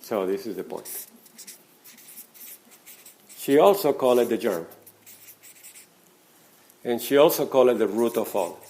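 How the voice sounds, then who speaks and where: Here the accented lecturer talks at medium pitch, a little slowly, with long pauses. His conference delivery stays animated and emphatic, full of questions put to the audience, alternating forceful stresses with quiet asides.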